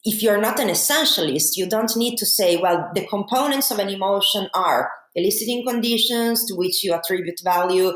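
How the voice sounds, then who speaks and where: A woman's voice: medium pitch, brisk, hardly any pauses, fairly bright tone. A woman, a philosophy guest on a podcast, explaining her ideas thoughtfully with frequent fillers. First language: Italian. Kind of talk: academic podcast conversation. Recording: echoey room.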